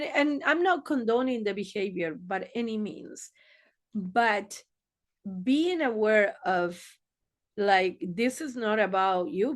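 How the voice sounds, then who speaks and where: Woman therapist, blunt and profane, unhurried, slightly high voice. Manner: blunt, swears freely, acts out quoted exchanges. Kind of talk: casual advice monologue.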